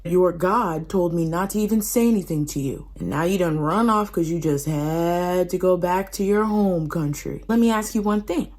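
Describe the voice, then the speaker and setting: A woman's voice: on the low side, a little mellow, natural voice. A woman doing an indignant old patriarch. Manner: indignant, fast, accusing. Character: angry old father-in-law chieftain.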